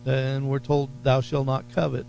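A man's voice: medium pitch, monotone, gravelly, mellow, a little hiss or hum. A man preaching a sermon as pastor, leaning hard on key phrases and drawing them out. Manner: slow, emphatic preaching with drawn-out stressed phrases.

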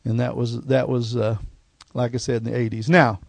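A middle-aged man, a pastor telling his life story in a sermon, folksy and going quiet at the emotional parts. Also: mid-range voice, level tone, normal speed, vocal fry, no room sound. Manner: folksy storytelling, drops to a hushed voice at emotional points. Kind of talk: personal testimony sermon.

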